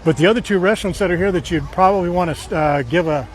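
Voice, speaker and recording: A man's voice: high voice, quick pace. A man rambling casually as he guides a walking live stream through city streets, telling stories with fillers. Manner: chatty, rambling, with fillers and storytelling. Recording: faint street noise outdoors.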